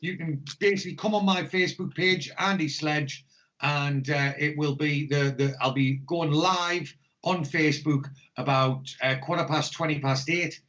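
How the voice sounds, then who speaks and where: A man's voice: a little high, steady tone, normal speed, fairly bright tone. An English man co-hosting a podcast, chatting casually and rambling with lots of swearing and jokes. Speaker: podcast co-host. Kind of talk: casual chat. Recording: dull lo-fi podcast audio.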